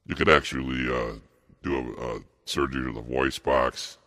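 A man preaching a rambling sermon, halting and repetitive, with many fillers and restarts. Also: rumbling low, level tone, a bit bright.

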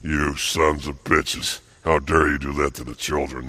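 An older man with an extremely deep, husky voice rants in an agitated monologue, repeating phrases and halting on fillers. His delivery is forceful and tense, and the recording is dry, with no room sound. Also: little pitch movement, dry recording. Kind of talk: angry ranting monologue.

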